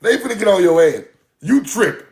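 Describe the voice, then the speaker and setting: A man's voice: high-pitched, fairly quick, echoey room, noisy background. A man, talking casually and mockingly in a profane rant to his audience. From US South. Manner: animated, laughing, mocking, profane.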